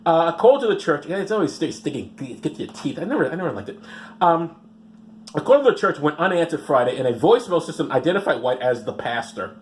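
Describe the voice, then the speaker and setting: A man's voice: a little high, very animated, fast, slight background noise. A man reading out news stories and mocking them with sarcastic, rambling asides. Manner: rambling, mocking asides, mumbled "blah blah" skips.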